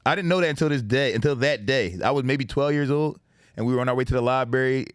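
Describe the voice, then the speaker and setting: A man's voice: medium pitch, quick pace, no echo, clean studio sound. A man in his thirties co-hosting a casual chat, telling stories with lots of swearing, laughter and voices for the people in them. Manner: animated, swears a lot, laughs often, acts out voices in stories. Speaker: podcast co-host.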